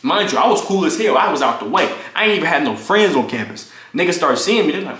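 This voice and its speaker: A young man rattles through a storytime vlog at a fast clip, voice sitting a bit high for a man. He is animated and profane, acting out each quoted line. The sound is roomy and echoey. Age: young adult. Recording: echoey room.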